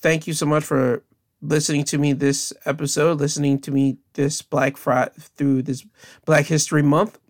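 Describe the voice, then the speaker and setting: A man's voice: fairly high pitch, level tone, moderate pace. Rambling young man hosting a podcast. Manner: rambling, restarts often, earnest and encouraging. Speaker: podcast host. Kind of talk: casual solo podcast sign-off.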